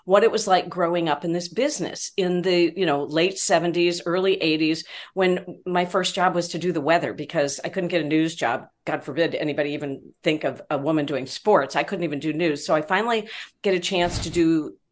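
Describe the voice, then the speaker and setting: An older woman in her sixties tells a story as a podcast guest, her voice sitting a little low. Her delivery is lively and loose, full of "like" and "you know" as she goes. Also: a little fast. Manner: animated, many fillers like "you know". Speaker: sports reporter guest. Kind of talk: casual storytelling chat.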